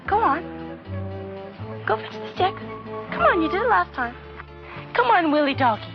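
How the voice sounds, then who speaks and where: A woman's voice: extremely high pitch, sing-song, normal speed, heavily acted. An actress playing a sweet young blind woman who coos sing-song baby talk at a pet, from dull lo-fi film audio with music behind. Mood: cooing, playful. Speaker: film character.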